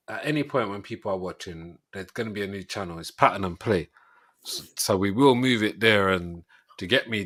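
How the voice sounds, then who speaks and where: A man's voice: fairly low pitch, fairly bright tone, no room sound, clean studio sound. A young man hosting a live football reaction stream, talking in rambling, slang-heavy banter. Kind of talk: casual football reaction chat.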